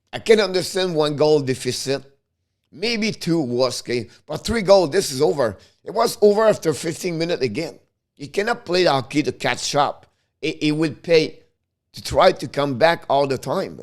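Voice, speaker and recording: Frustrated hockey commentator with tinged English. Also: male voice, on the high side. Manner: heated, frustrated, repetitive, broken English phrasing. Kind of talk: ranting fan commentary.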